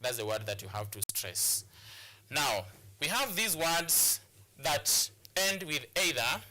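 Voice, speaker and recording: Guy from kenya teaching english, really bright voice kinda high, repeats words a lot. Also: sing-song, slow pace. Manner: repeats words and restarts often, explains step by step. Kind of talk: classroom lesson on a television channel.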